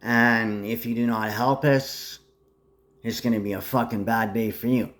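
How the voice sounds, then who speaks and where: Brief: man, mid-pitched, rambling monologue, agitated and threatening, hops from topic to topic. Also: steady tone, a little slow, fairly bright tone.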